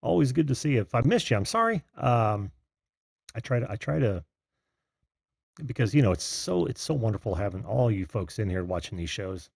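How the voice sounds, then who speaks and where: A man with a gravelly, husky voice hosts a live video call-in show. His pitch moves a lot as he chats, full of fillers and friendly shout-outs. The sound is dry and close over a video call. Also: big pitch swings, a little fast, no room sound. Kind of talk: casual live-stream chat.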